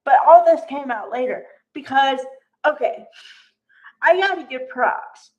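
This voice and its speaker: A woman chatting casually as she recaps a soap opera episode, animated and acting out the characters' lines. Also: high-pitched, measured pace, poor audio. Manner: chatty, animated, acts out quotes.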